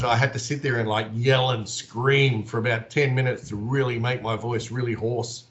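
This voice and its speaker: A man's voice: mid-range voice, a bit bright, slight background noise. Laid-back Australian man on a dull line. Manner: laid-back, chatty, laughs easily. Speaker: wrestler and actor, interview guest. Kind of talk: relaxed storytelling in conversation.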